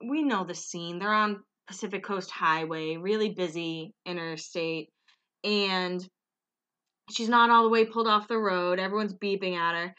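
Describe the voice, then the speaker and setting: A woman with a very bright, forward voice talks casually to her viewers in one unrehearsed take. She rambles, corrects herself and laughs easily. She sounds a bit tired. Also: mid-range voice. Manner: chatty, rambling, self-correcting, laughs often. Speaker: vlogger recapping a reality show.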